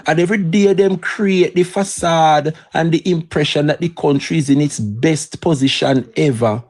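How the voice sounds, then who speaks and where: A man's voice: a little high, normal speed, darkish tone. Fiery Jamaican man ranting on a live stream. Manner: fiery, preachy, mixes patois with standard English. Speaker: political livestreamer. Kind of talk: live stream political commentary.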